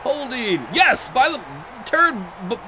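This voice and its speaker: A man playing a football video game and joking crudely and excitably as he comments on the action. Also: very high voice, takes it slowly, noisy background. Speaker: Let's Play gamer. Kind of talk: casual gameplay commentary.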